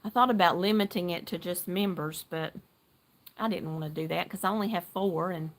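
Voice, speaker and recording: Middle-aged woman from north carolina, chatty livestream host, gets excited, talking from her deck. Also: lowish voice, brisk. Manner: chatty, excitable, greets viewers by name. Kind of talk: casual live chat while knitting. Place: outdoor deck at home.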